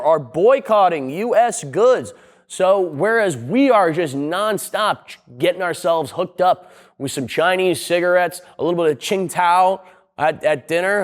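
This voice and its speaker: A young man hosting a casual comedic video essay, rambling and sarcastic, with plenty of swearing. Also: a little high. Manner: profane, rambling, sarcastic storyteller.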